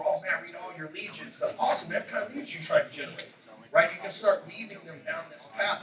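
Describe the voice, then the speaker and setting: A man giving a brash, profane motivational sales talk from a stage, swearing constantly and hitting his points hard. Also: high-pitched. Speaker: keynote speaker. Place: event stage before a live audience. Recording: roomy hall, mic from a distance, crowd.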